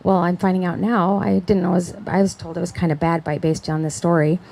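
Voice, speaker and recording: A woman's voice: fairly low pitch, little pitch movement, quick pace, mellow, poor audio. A middle-aged woman giving a personal testimony talk, chatty, acting out the voices of people she quotes and often checking in with "right?". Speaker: conference speaker.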